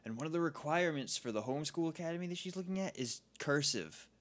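A man's voice: on the high side, expressive, quick pace, fairly bright tone. A man co-hosting a podcast in casual chat, laughing often and adding dry quips. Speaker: podcast co-host.

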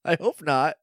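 A man's voice: no room sound, studio quality. A man co-hosting a podcast, casually recapping an episode and acting out the characters' lines with playful voices. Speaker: podcast co-host. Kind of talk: casual chat recapping a show.

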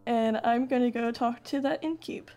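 A woman playing a tabletop game, brisk and no-nonsense as she moves things along. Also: a little high, warm tone, soft background music. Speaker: player. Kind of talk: casual tabletop play.

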